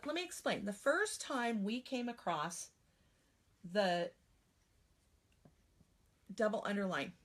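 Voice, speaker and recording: Woman spelling trainer, patient and explanatory, mid-range voice, teaching demo. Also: mid-range voice. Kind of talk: teaching demonstration.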